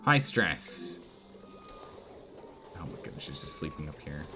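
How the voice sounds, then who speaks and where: Animated man streaming gameplay. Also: rumbling low, unhurried, creaky, music in the background. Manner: animated, exclaims and pleads with game characters. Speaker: streamer playing a colony game. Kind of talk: live gameplay commentary.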